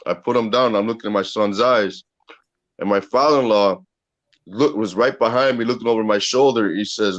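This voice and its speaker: A man's voice: mid-range voice, a little fast, highs cut off. A man in casual video-chat talk, telling a personal story with heavy swearing. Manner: profane, animated retelling.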